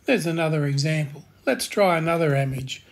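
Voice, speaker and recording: A man hosting a step-by-step software tutorial, giving calm, plain instructions in a voice-over. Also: a little high, fairly quick, vocal fry, slight background noise. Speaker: tutorial host.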